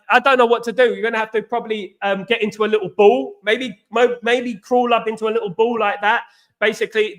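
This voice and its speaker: A man's voice: high voice, a bit bright. A man hosting a casual football live stream, rambling and repeating himself as he chats with viewers and reads their comments. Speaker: football channel host.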